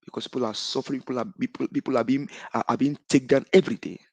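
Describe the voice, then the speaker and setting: A middle-aged man with a Nigerian accent speaks as a caller, fervent and denouncing, hammering the same declarations again and again. His voice sits at an ordinary pitch, and the sound is dry and close with no room around it. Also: fairly even intonation, very fast, a little mellow, no room sound. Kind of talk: impassioned call-in speech.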